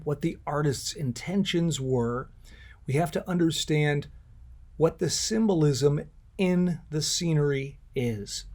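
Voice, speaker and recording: Earnest male art lecturer, slightly high. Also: darkish tone. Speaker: art instructor. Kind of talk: recorded online lecture.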